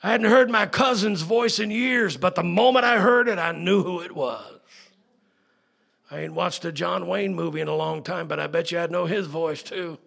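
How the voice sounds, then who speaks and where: Middle-aged male pastor, husky and a touch high, emphatic sermon delivery. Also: normal speed. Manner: emphatic preaching, swinging from soft to loud.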